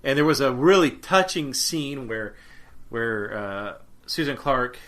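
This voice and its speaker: Bright-voiced man, rambling podcast chat. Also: medium pitch, expressive, measured pace. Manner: rambling, laughing, loses his place mid-sentence. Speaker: podcast co-host. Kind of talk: casual chat.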